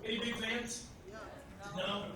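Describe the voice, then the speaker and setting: A man's voice: very high voice, level tone, slow, very echoey, far from the mic, low-quality recording. A man from Tennessee doing a crude, brash stand-up comedy set on a club stage, talking to the crowd between punchlines.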